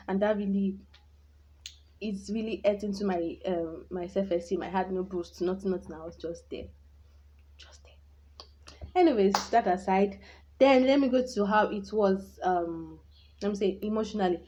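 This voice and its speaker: A young woman shares her teenage memories to camera in a candid, rambling way, often restarting her sentences. Her voice is soft and mellow at a middle pitch, and the recording sounds dull and lo-fi. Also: a little fast. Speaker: vlogger. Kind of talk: personal storytelling vlog.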